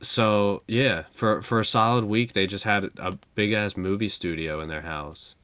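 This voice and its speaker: Young male co-host, lowish voice, loose joking banter, dry close recording. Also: steady tone, measured pace, a bit bright, no room sound. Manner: loose, joking, rambling with fillers. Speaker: podcast co-host. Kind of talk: casual chat.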